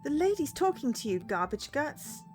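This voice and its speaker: A woman playing a bossy restaurant owner who scolds in a raised, sharp voice. The lines leap around lively, with faint game music behind. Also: sits high, moderate pace. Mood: scolding. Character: bossy sushi restaurant owner, short-tempered.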